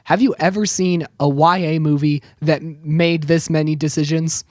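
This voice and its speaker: A man's voice: fairly high pitch, fairly even intonation, normal speed, darkish tone, dry recording, studio quality. A man with a strained voice, recapping a film plot with sarcastic asides and laughter in a casual podcast chat. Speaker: podcast co-host.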